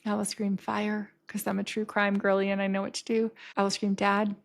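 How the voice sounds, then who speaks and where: A woman telling a personal story as a podcast guest, in a casual, animated way, swearing freely and acting out what people said. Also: medium pitch, fast talker, creaky. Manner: swears freely and acts out quotes in a vivid, animated way.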